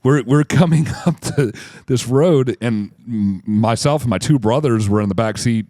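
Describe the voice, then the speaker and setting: A man's voice: mid-range voice, normal speed, warm tone, no room sound, studio quality. A man in his forties co-hosting a casual podcast, telling rambling stories and laughing at himself. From United States. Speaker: podcast co-host.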